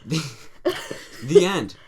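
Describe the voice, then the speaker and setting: A man's voice: very slow, noisy background. A man co-hosting a casual podcast chat, joking and giggly, with rambling restarts. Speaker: podcast co-host.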